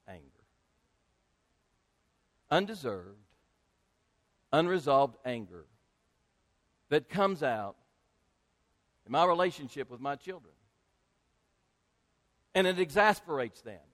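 A male pastor preaching a sermon to his congregation, speaking emphatically and rising to loud peaks. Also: mid-range voice. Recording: long hall reverb.

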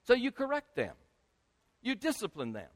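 Male pastor preaching, high voice, gets loud and punchy, long echo in the church. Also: huge pitch swings, normal speed. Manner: emphatic preaching, rising to loud high peaks. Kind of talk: sermon. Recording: long hall reverb.

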